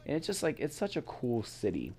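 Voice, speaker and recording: A man's voice: mid-range voice, huge pitch swings, a little fast, darkish tone, husky. A young man from the West Coast chatting casually in a vlog, rambling with lots of "like" and "you know". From Portland, Oregon, US West Coast. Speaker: vlogger. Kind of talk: casual travel vlog chat. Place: away on a work trip.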